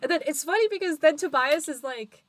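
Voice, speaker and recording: A woman's voice: high voice, brisk, fairly bright tone, slight background noise. A woman co-hosting a casual book podcast over a video call, recapping chapters and laughing often. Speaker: podcast co-host.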